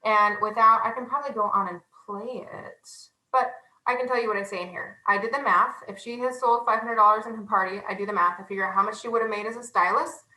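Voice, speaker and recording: A young woman giving a casual, animated sales training talk, chatty and self-deprecating. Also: mid-range voice, quick pace, roomy sound, poor audio.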